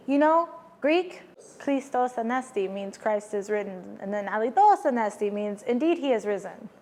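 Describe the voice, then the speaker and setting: A woman's voice: mid-range voice, lively intonation, moderate pace, darkish tone, long reverb tail. A woman chatting playfully while she cooks, joking and rambling through asides. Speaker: home cook vlogger. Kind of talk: casual cooking vlog chat.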